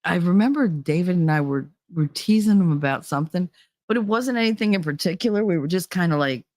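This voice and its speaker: A woman's voice: on the low side, lively intonation, brisk, darkish tone, dry recording, studio quality. A woman host telling stories in a loose, rambling way on her livestream, full of "you know" and "like" and breaking into laughter now and then. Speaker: streamer and channel host. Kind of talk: casual storytelling chat on a livestream.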